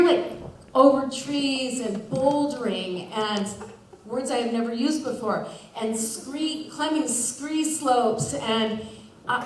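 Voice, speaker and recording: A fairly high-voiced woman tells a personal story on stage, chatty and loose, stacking "like" and restarting her sentences. She keeps laughing through her lines. The sound comes from a distance in a very echoey theater. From Washington State, US.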